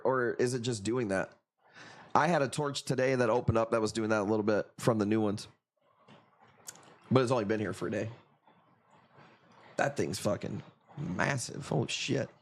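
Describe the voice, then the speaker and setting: A man hosting a live coral auction stream, chatting casually with viewers in profane, joking, rambling banter. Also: mid-range voice. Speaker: livestream coral auction host. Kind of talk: casual live sales chat.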